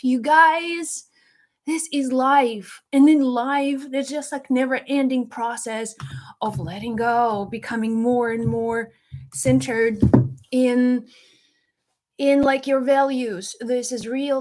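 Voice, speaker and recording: A woman with a high voice speaks slowly to camera as a spiritual teacher. Her tone is earnest and encouraging, and she sometimes drops to a soft hush. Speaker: psychic medium and spiritual teacher. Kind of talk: casual spoken teaching to camera.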